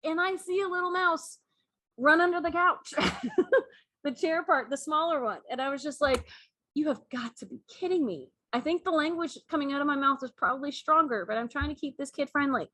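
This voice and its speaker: Animated laughing woman telling a story. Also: sits high, moderate pace, no echo. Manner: animated, laughing, acts out cat and mouse voices. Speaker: podcast co-host. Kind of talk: casual storytelling chat.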